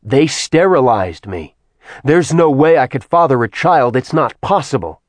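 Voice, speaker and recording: A man's voice: mid-range voice, expressive, unhurried, dry recording, voice pushed up, lightly acted. A man voicing a furious ancient male god in an audiobook, snarling in a raised, angry voice. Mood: anguished.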